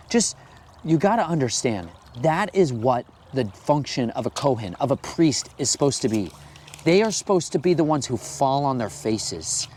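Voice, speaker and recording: A man reading scripture aloud and then commenting on it in a conversational, animated sermon style. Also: medium pitch, a little hiss or hum. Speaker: Bible teacher.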